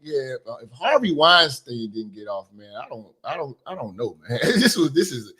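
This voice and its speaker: Husky, animated male commentator. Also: mid-range voice, moderate pace, soft background music. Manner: blunt, profane and conversational. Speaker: commentary host. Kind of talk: casual commentary.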